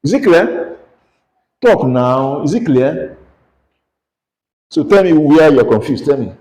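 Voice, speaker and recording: A man with a Nigerian English accent leads a classroom physics lesson, pressing his students with questions and pushing them to speak up. His voice sits a little high and moves up and down a lot. The room is echoey. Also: animated, slow, darkish tone. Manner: questioning, coaxing students to answer aloud. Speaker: physics teacher.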